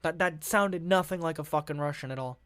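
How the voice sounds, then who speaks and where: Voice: medium pitch, brisk, a bit bright, clear, resonant tone, no room sound. A podcast host reading news articles aloud and breaking off into profane, laughing, rambling asides.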